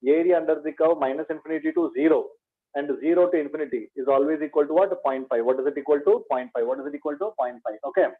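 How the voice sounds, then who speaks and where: Talking fast in a slightly high voice, a male maths teacher runs through a revision lecture. Every point gets repeated as a question to the class, which he addresses as "my dear." The sound is thin and phone-like.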